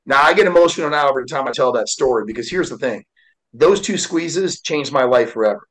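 This motivational speaker and author, a man in his 40s appearing as a guest, tells an emotional story with candor and heart, leaning often on "you know" and "uh." His mid-range voice is expressive, fairly bright, and fast, captured in a rough recording.

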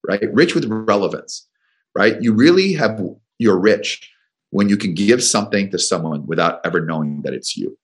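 A business coach appearing as an interview guest tells a long personal story, rambling with frequent restarts and repeated words. He speaks in an animated voice on the low side at a moderate pace.

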